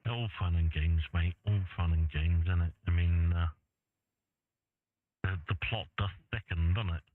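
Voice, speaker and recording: A deep-voiced English man chats lazily on a ham radio net, drifting between thoughts with plenty of ums and uhs. The sound is thin and radio-like, as if coming through a transceiver, and very dry. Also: a little slow, dry recording, narrow, tinny audio, soft background music. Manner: laid-back, rambling, many fillers. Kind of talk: casual radio chat. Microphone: radio transceiver mic.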